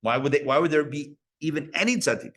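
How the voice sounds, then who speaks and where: A rabbi lectures to a live audience at a community Torah center. He sounds animated and conversational, and his fairly high voice leaps up and down in pitch as he throws playful asides to his listeners. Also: fast talker, slight background noise. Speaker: rabbi teaching a class.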